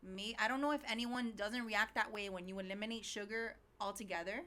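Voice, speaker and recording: A woman's voice: mid-range voice, fairly even intonation, a little fast, fairly bright tone. A woman with a Miami Spanish-English accent, co-hosting a casual podcast chat and telling stories expressively, acting out her own reactions. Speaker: co-host.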